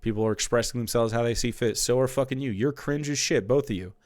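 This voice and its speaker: A man's voice: mid-range voice, quick pace, darkish tone, dry recording. A man streaming and ranting about politics in a heated, profane, mocking way.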